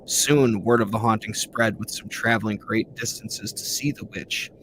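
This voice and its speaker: A man's voice: lowish voice, normal speed, fairly bright tone, slight background noise. Profane man reading aloud with asides. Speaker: podcast host reading a ghost story.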